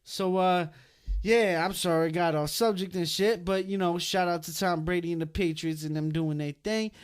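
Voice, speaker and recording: A man hosting a podcast interview, chatting casually and telling stories in an excitable, profane way, full of filler phrases. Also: high-pitched, moderate pace, smooth. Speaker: podcast host.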